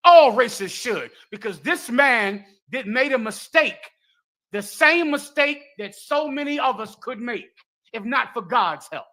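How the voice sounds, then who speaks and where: A man's voice: very high-pitched, animated, measured pace, sharp tone. A man speaking in a sermon-like way, using biblical phrasing. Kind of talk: sermon-like commentary.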